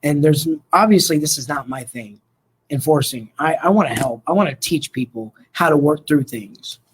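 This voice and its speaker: A middle-aged man from Colorado and Oklahoma, a mental health worker telling his story as an interview guest in a relaxed, rambling way, acting out quoted dialogue. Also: fairly high pitch, normal speed, slightly rough.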